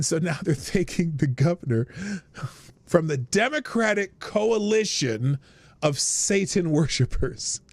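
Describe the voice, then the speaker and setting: A man's voice: high-pitched, creaky, dry recording. A man from Nebraska who hosts a live stream, giving mocking commentary and laughing often. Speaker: host.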